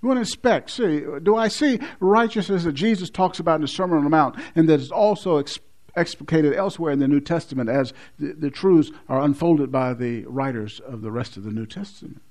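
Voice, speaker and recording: A man preaching a sermon, swinging between loud emphatic lines and low, quiet stresses, repeating key words for weight. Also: brisk.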